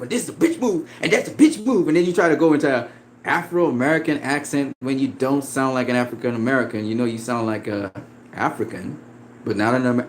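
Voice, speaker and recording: A man's voice: mid-range voice, slight background noise. A man in a profane, confrontational casual rant about boxing, laughing often as he talks back at a critic. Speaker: boxing commentator.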